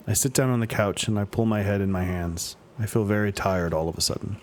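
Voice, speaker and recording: A man's voice: lowish voice, fairly quick, hardly any pauses, a little mellow, a little hiss or hum. A man reading a story game aloud for a let's play, voicing the dad character, with playful joking asides. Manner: playful, joking asides between read lines.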